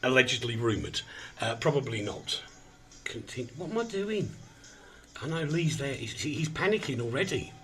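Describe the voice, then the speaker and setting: A man's voice: mid-range voice, big pitch swings, normal speed, a bit bright. A man hosting an online radio show in casual, self-mocking chat, flustered while he fights with his equipment.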